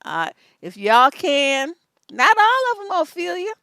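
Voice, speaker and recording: An older woman who works as a relationship coach gives live stream commentary in an animated, cheeky way and laughs often. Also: very high-pitched, a little slow, gravelly, no echo, clean studio sound.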